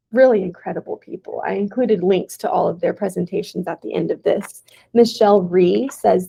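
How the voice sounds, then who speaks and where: A woman's voice: medium pitch, vocal fry, warm tone, slightly rough, poor audio. A young woman teacher giving a casual presentation to teaching aides, with plenty of "um"s along the way. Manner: casual, with many "um"s and "y'all".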